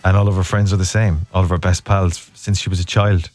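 An Irish man in his thirties hosting a radio show, telling stories in a playful, chatty way with quick asides. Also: low-pitched, little pitch movement, a little mellow, soft background music. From Ireland. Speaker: radio host. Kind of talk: casual radio chat.

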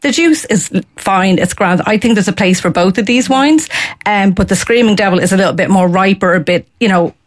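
An Irish woman talking about wine as a guest on a radio show, lively and chatty, quick to laugh, in a studio. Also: medium pitch.

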